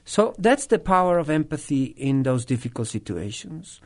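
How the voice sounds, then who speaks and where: A man's voice: on the high side, very animated. Thoughtful man telling a story, restarting often. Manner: thoughtful, with frequent restarts and pauses. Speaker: nonviolent communication trainer. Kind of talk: interview answers, storytelling.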